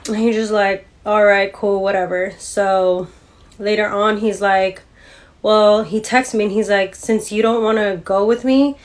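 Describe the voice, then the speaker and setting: A woman in a middle register tells a dating story in a casual rant. She sounds exasperated and acts out both sides of the conversation. The pace is quick and chatty. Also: mid-range voice, fairly even intonation. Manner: exasperated, mocking quoted voices.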